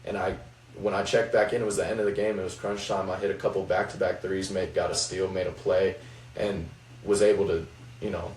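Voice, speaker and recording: A young college basketball player speaks on a faith-focused podcast in a low, reflective voice with a darkish tone, little pitch movement and a slightly fast pace. He tells stories thoughtfully with many fillers, recorded in a roomy space from a distant mic with faint noise.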